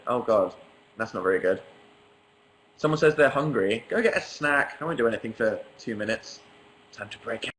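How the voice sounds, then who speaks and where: A man's voice: medium pitch, a bit bright, slight background noise, low-quality recording. Wry young English guy livestreaming. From England. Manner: wry, sarcastic, self-mocking. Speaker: livestream host. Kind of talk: casual livestream chat reading comments. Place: apartment living room.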